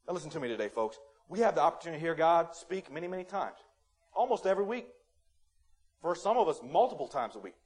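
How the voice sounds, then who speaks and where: A man preaching a sermon in a church, animated and playful, acting out quotes and rising to loud emphasis. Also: high voice. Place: church sanctuary.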